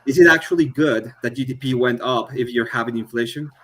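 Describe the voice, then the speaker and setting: A man questioning an opponent in an online debate, pointed and a bit halting. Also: mid-range voice, a bit bright. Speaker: debate participant.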